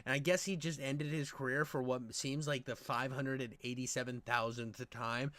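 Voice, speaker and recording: A man's voice: medium pitch, fairly even intonation, normal speed, a bit bright, no echo. A man doing casual reaction commentary, rambling, crude and exasperated. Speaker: reaction streamer.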